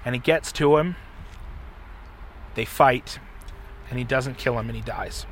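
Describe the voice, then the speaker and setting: A middle-aged man hosting a podcast, casually retelling a story in an animated way and acting out the quotes. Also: mid-range voice, unhurried, slight background noise. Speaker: podcast host.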